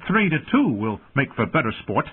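A small, cheeky teenage recruit with a wry, cheerful edge, read by a man. The tone is husky. The sound is thin and phone-like. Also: low voice, big pitch swings, normal speed, heavily acted. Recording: tinny phone-like audio.

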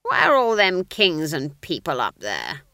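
A woman's voice: sits low, huge pitch swings, unhurried, bright, forceful tone, clean tone, no room sound, studio quality, heavily acted. A woman voicing a stern, formidable old witch who talks bluntly and grimly in an audiobook. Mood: suspicious. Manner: blunt, grim and commanding. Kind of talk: audiobook character voice.

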